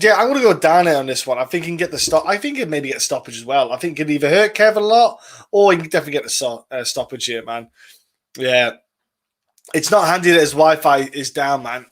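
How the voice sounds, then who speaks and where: A man's voice: fairly high pitch, fairly bright tone. A man hosting a casual live stream of fight predictions, chatting loosely, swearing and reading viewer comments aloud. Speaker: podcast host.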